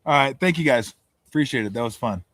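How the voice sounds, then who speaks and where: A man hosting a casual sports podcast among friends. His voice sits at an everyday middle pitch, and he spins loose, profane stories while breaking into laughter. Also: lively intonation, fast talker, fairly bright tone, a little hiss or hum. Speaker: podcast host. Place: vacation house with friends in Tahoe.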